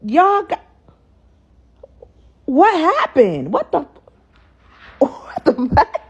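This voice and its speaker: A woman's voice: high-pitched, huge pitch swings, drawn-out words, dull audio. A woman asking incredulous questions in a social media commentary clip.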